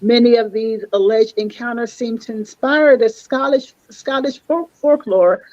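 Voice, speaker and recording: A woman's voice: fairly high pitch, darkish tone, no room sound. Woman recounting facts, dull dry sound. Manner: relaying facts in a measured way. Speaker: panelist. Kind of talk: casual panel discussion.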